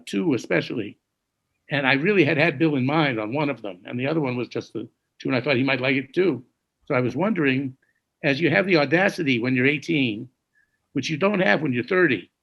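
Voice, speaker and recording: Gravelly-voiced man in his sixties. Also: mid-range voice, highs cut off. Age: 60s. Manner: gravelly, hushed when quoting others, scats melodies. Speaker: jazz saxophonist telling stories. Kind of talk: conversational storytelling.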